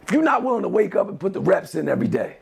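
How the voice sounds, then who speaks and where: Rapid-fire and sing-song, a high-pitched man's voice with vocal fry and a darkish, husky tone fills a teenage classroom. The motivational speaker is emphatic and repetitive, getting the class to echo affirmations back to him.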